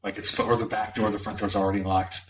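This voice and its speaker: A man describing his character's actions in a tabletop game, casual and halting with fillers. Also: fairly low pitch, little pitch movement, recorded from a distance, a little hiss or hum, poor audio. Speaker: player.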